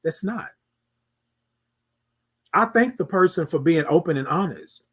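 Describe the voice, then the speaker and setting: High-voiced man in lively casual monologue. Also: a little slow, breathy edge. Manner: animated, preachy, asks listeners "y'all feel me". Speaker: podcast host.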